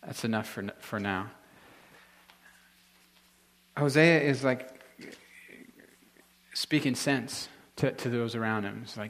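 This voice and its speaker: Halting, conversational male preacher. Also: medium pitch, fairly bright tone. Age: adult, married. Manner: conversational, halting with many restarts. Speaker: pastor. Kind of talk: sermon.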